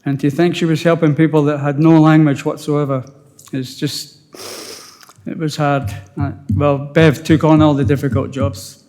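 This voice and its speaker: An older man with a Scottish accent, a widower giving a halting, emotional funeral eulogy with touches of dry humour. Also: fairly high pitch, flat delivery, darkish tone, long reverb tail. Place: funeral service.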